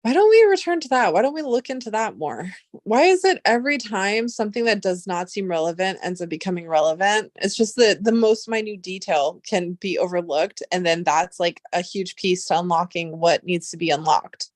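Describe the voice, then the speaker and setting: Young woman streamer, chatty, excitable, swears often, dry close sound. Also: lowish voice, normal speed, dry recording. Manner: rambling, excitable, swears freely. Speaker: livestream host. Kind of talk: casual livestream chat.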